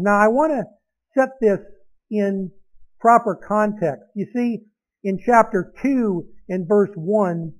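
A man's voice: high voice, low-quality recording. A man preaching a sermon, explaining a Bible passage in a conversational way with asides to his listeners.

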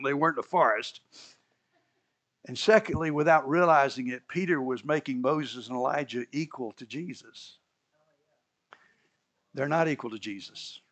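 A man's voice: medium pitch, fairly bright tone. A man preaching a sermon, telling the story with energy, acting out the characters' lines and laughing at his own asides. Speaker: pastor.

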